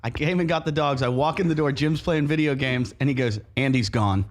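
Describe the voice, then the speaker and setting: A man from the United States, co-hosting a podcast and telling stories in a casual, animated way, acting out the other people's lines. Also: mid-range voice, brisk. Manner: animated, acts out quotes, laughs often. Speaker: podcast co-host. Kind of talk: casual storytelling chat.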